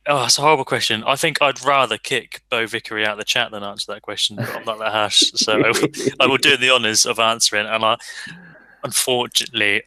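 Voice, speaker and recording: A man's voice: lowish voice, bright, forceful tone, dry recording, rough recording. A man co-hosting a football podcast, rambling in a casual, self-deprecating and enthusiastic way. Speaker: podcast co-host. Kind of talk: casual chat.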